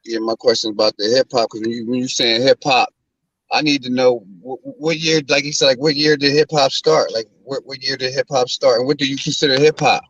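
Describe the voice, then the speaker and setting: A man's voice: medium pitch, steady tone, a little fast, fairly bright tone, dry recording, highs cut off. A man arguing aggressively and profanely, stammering as he presses his questions. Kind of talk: heated argument.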